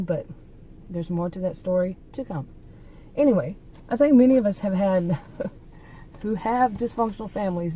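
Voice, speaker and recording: A woman with a lowish, mellow voice hosts her own channel, telling a story straight to her viewers in a chatty, rambling monologue full of fillers and restarts. The recording is rough, with a slight hiss or hum.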